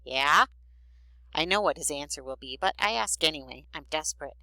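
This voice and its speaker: A woman reading a children's storybook aloud in the first person, in an expressive, plain storytelling way. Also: deep voice, fast talker, no room sound, rough recording. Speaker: narrator.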